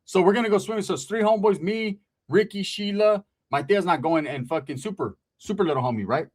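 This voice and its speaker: A man's voice: high-pitched, fairly quick, a little mellow, breathy edge. A man from the Merced area of California telling a rambling, profane comic story. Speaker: comedian storyteller.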